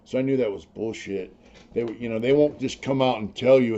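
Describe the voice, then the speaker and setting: This middle-aged man, formerly incarcerated, has a medium-pitched, mellow voice and talks fairly quickly. He tells his story casually and crudely, full of slang and profanity, and the lo-fi sound is a bit dull.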